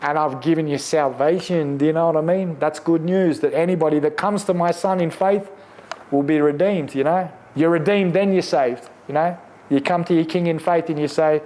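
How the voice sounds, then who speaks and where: A man with an Australian accent, in his forties, telling his faith testimony casually, animated and slangy, laughing often. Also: on the high side, normal speed. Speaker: guest sharing testimony.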